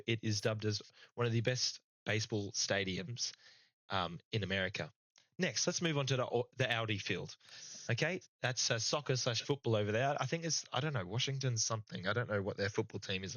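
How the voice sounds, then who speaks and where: Fired-up Australian man ranting, bright voice. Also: fairly low pitch, dry recording, poor audio. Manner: fired-up, swearing, mock-outraged. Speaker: podcast co-host. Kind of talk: casual sports podcast rant.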